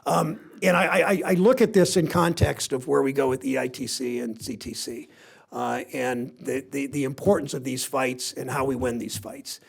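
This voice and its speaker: A man in his sixties from Ohio with a raspy, gravelly voice, giving a rambling, self-deprecating keynote speech with anecdotes to a seated audience. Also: mid-range voice, steady tone, normal speed. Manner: rambling, self-deprecating storyteller with many restarts. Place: briefing room before a seated audience.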